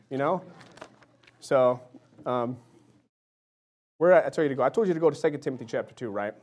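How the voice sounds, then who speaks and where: A man in his thirties preaching a casual sermon, conversational, often checking in with "right?" and "amen?", sometimes acting out little voices and dropping soft and low. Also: animated, fairly quick, long pauses.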